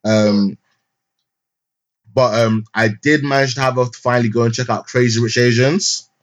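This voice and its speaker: A man's voice: medium pitch, fairly even intonation, normal speed. A young man chatting on a podcast about a film he just saw. He rambles, restarts his sentences and leans on street slang, in an ordinary mid-range voice. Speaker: podcast co-host. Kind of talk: casual chat, film review. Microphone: remote call mic.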